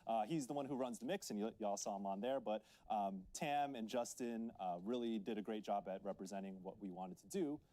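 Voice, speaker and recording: A man's voice: on the low side, a little fast, few pauses, dark tone. A man from Southeast San Diego on a games panel, talking earnestly with many fillers. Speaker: panel guest, games journalist. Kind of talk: casual panel chat.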